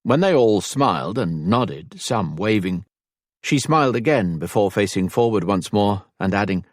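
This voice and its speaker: A man narrating an audiobook in measured, even storytelling. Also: fairly low pitch, no room sound, clean studio sound. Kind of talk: scripted narration.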